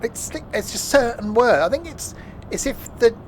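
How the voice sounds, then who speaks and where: A man's voice: very high voice, big pitch swings, moderate pace, slight background noise. A man giving casual, jokey gameplay commentary while streaming, rambling and trailing off mid-sentence. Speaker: game streamer.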